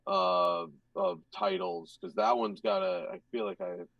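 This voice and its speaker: A young man, a hockey goaltender guest, telling stories in a casual, animated and profane way, acting out what others said. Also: sits low, a little slow, vocal fry, dry recording, far from the mic, highs cut off. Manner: animated, profane, acts out other people's lines. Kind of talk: casual storytelling.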